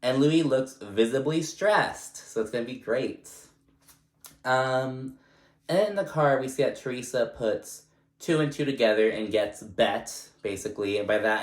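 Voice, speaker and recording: A man hosting a casual recap vlog, chatty and loose, full of fillers and casual swearing. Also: on the low side. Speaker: recap vlogger. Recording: echoey room.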